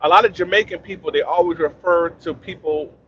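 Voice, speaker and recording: Soft-spoken man in his thirties. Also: a little high, fairly quick, slight background noise. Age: 30s. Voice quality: soft-spoken, calm, many fillers. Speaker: panelist. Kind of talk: casual chat. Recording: dull lo-fi audio.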